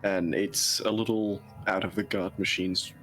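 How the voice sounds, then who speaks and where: A man narrating and refereeing a tabletop role-playing game, talking in a relaxed, halting way and laughing often. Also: low voice, soft background music. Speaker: storyteller.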